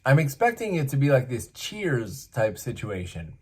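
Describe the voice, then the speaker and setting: Host from Canada, male, husky and lively, casual anecdote delivery. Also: medium pitch, moderate pace. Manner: animated, acts out voices, many asides. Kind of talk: casual storytelling.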